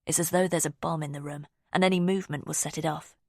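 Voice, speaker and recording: Low, gravelly woman narrating. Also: dry recording, studio quality. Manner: calm, measured storytelling. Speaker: audiobook narrator. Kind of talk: scripted first-person narration.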